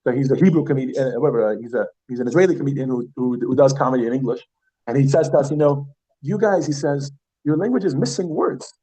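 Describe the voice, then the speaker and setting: A man teaching a Yiddish class, chatty and lively, who repeats words slowly and asks the class questions. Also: mid-range voice, breathy edge, low-quality recording. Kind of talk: classroom lesson.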